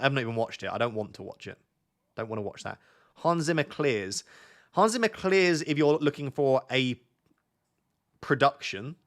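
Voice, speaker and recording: Chatty young streamer, mid-pitched. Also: male voice, gravelly, fairly bright tone. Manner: chatty, jokey, thinks aloud and restarts. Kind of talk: live stream chat with viewers.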